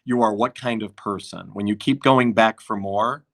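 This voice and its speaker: In a relaxed podcast conversation, a man who works as a concert promoter shares stories in a fairly low, gravelly voice at normal speed. He delivers them with energy and performs other people's lines as he quotes them.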